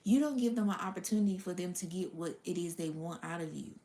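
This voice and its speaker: A woman's voice: lowish voice, fast talker, warm tone. A woman giving a casual spiritual reading to her audience, blunt and profane, sometimes dropping to a whisper. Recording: roomy echo.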